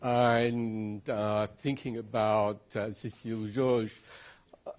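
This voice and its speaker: A man speaking as a conference panelist, measured and explanatory, who poses rhetorical questions as he makes his point. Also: on the low side, level tone, darkish tone. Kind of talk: conference Q&A comment. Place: conference hall.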